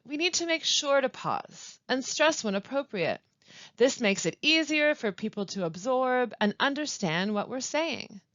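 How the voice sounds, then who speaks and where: A woman who works as a language support specialist, presenting a pronunciation webinar with clear, deliberate teaching and careful pauses. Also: fairly high pitch, a bit bright, no echo. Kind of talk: instructional webinar narration. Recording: dull, lo-fi dry voice-over.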